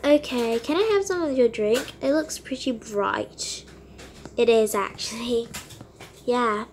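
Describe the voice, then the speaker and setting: A woman's voice: on the high side, takes it slowly, a little mellow, a little hiss or hum. A woman playing and narrating a toy role-play game, talking casually to her viewers.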